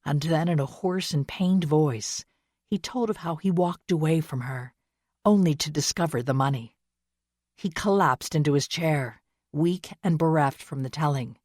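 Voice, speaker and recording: Woman, audiobook narration, low voice, dry close sound, measured, expressive. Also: no echo. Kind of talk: scripted narration.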